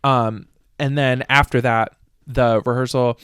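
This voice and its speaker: A man's voice: mid-range voice, steady tone, measured pace, fairly bright tone, clean tone, no echo. A man recapping a book casually on a podcast, rambling and swearing, laughing at the silly plot. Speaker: podcast host.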